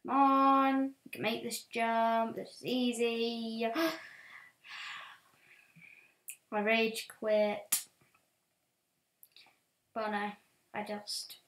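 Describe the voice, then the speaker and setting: A woman hosting a let's play with gameplay commentary, excitable and swinging from quiet muttering to loud shouts. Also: a little high, drawn-out words, pauses often. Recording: roomy echo.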